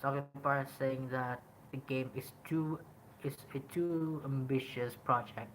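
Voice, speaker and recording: A man's voice: mid-range voice, measured pace, slight background noise, rough recording. Casual Indonesian-accented young man. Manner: rambling, frequent "like" and "um", animated emphasis. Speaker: podcast host. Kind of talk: casual game review talk.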